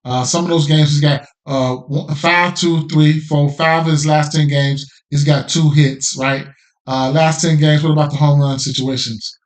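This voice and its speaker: A man hosting a sports betting podcast, talking through his picks in a loose, slangy way, often repeating himself and checking in with "right?". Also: a little high. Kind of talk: casual betting picks talk.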